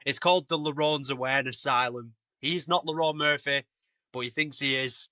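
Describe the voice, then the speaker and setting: A British man co-hosting a podcast, excitably trying to steer a rowdy chat back on track. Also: medium pitch, fairly quick, dry recording, studio quality. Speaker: podcast co-host. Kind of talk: casual chat.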